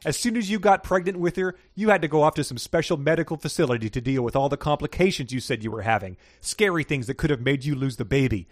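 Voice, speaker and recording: A man's voice: fairly high pitch, no echo, clean studio sound, close to an everyday voice. A man doing an accusing, wounded husband. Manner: rapid, accusing outpouring.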